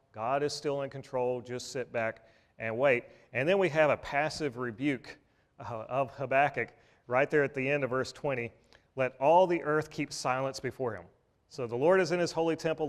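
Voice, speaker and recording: Male preacher, mid-pitched voice, folksy and easygoing, talks a sermon through like a chat. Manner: folksy, repeats words and restarts, chuckles at times. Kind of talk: conversational sermon.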